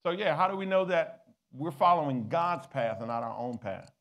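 A man's voice: a little high, normal speed. A man pastoring a church, preaching a sermon and calling on the congregation to answer back. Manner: preaching, rising to loud exhortation, calling for responses. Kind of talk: sermon with audience call-and-response.

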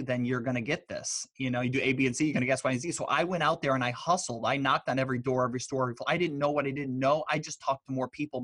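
A man, a guest in an interview, telling stories in a loose, animated way full of fillers. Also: mid-range voice, no echo. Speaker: guest, author and speaker. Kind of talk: casual interview storytelling.

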